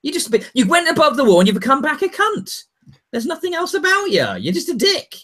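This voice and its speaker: A man voicing an exasperated man who hurls shrill, insulting mockery at a boy. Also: very animated, fairly quick, bright, forceful tone, exaggerated voice. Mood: scornful.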